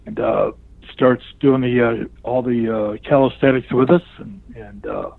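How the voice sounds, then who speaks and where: An older man, a wrestling guest, tells a lively story in a casual interview, acting out what other people said and laughing often. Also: medium pitch, measured pace, gravelly, no room sound. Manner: animated storyteller who acts out the other people's lines. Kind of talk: casual anecdote in a remote interview. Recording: tinny phone-like line.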